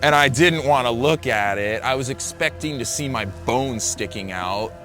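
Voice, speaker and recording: A man with a bright, forceful voice tells his story in a loose, rambling way. He leans on "like" and often restarts his sentences. Soft music sits faintly underneath. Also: mid-range voice, moderate pace. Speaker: big-wave surfer. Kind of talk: casual personal storytelling.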